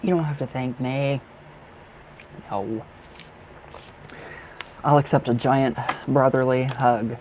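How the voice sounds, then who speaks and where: A man giving tarot readings on a live stream in a casual, effusive way, chatting warmly to viewers by name and laughing often. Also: medium pitch, steady tone, slow, long pauses, slight background noise, poor audio. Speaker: tarot reader.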